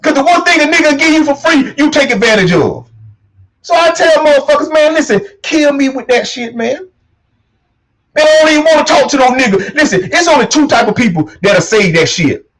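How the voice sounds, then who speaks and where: High-voiced preachy man, cussing and loud. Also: lively intonation, fairly quick, rough recording. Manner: preachy, swearing, repeats "you know what I'm saying", punches lines loudly. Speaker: show host. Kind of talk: unscripted motivational monologue.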